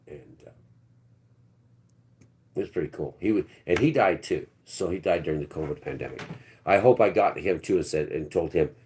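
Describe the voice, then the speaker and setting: A man's voice: sits low, normal speed, pauses often, darkish tone. A man hosting a live stream, telling a long personal story in a rambling, blunt, earthy way.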